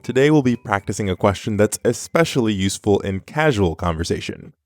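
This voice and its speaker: A man co-hosting an audio language lesson, explaining words clearly and praising the listener in a scripted way. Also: on the low side, expressive, fairly quick, faint music behind. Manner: clear, instructive, encouraging.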